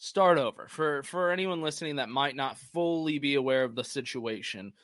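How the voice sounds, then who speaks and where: A man's voice: mid-range voice, moderate pace, a bit bright, dry recording, clean studio sound. A man co-hosting a podcast in casual chat, laid back, reading out listener questions and steering the talk. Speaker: podcast co-host.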